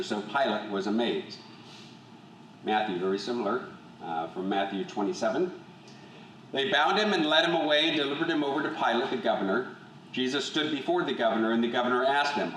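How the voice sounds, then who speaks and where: A man leading a Bible study group, reading scripture aloud and then talking it through in a measured, thoughtful way with frequent restarts. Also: mid-range voice, fairly bright tone, distant mic. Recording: echoey room, voice from off-mic, faint hum.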